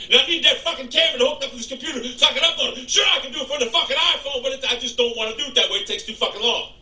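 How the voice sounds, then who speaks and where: A man ranting angrily and profanely about his computer troubles in a casual vlog, with shouted outbursts. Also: very high-pitched, racing, far from the mic. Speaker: gaming YouTuber. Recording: echoey room, off the mic.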